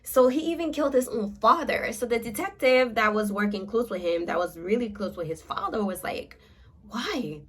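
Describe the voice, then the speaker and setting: A young woman, casually retelling an anime plot in a chatty, animated way with filler words, in a room at home. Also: on the high side, a little fast, few pauses. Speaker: makeup vlogger. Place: home room with a ring light.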